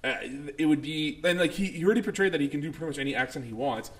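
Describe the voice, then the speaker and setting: Fast-talking, rambling male co-host. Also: on the high side, animated. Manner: rambling, filler-heavy talk. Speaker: podcast co-host. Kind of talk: casual chat.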